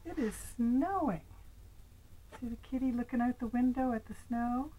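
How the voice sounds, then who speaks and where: An older woman reading a picture book aloud to her grandchild, gentle, asking the child little questions, sometimes dropping into a whisper. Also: a little high, moderate pace, a little hiss or hum, poor audio.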